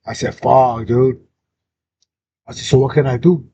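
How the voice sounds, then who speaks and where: A man's voice: fairly even intonation, measured pace, warm tone. A young man, hosting a casual chat and telling a story full of slang and swearing. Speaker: host. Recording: dull lo-fi sound with faint rumble.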